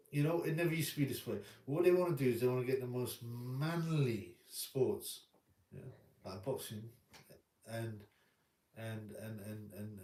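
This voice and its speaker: A man's voice: medium pitch, darkish tone, recorded from a distance. Blunt male streamer, rambling rant, roomy room, sits back from the mic. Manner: blunt, rambling, repeats himself. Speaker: boxing livestream host. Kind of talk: casual live-stream rant.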